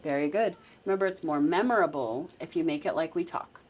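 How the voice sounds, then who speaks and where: A woman's voice: low-pitched, a little fast, darkish tone, a little hiss or hum. A woman teacher leading a small group of children through a reading lesson, coaxing them with encouraging questions. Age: adult. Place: classroom.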